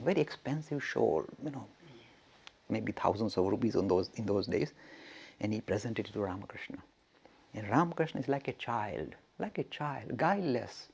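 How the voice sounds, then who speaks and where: A man giving a storytelling lecture as a religious teacher, animated and chuckling, with rhetorical questions. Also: mid-range voice, gravelly, husky.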